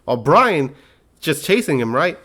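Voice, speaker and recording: A young man casually recapping a movie in slangy, animated storytelling, acting out characters' lines as he goes. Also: a little high, moderate pace, slightly rough.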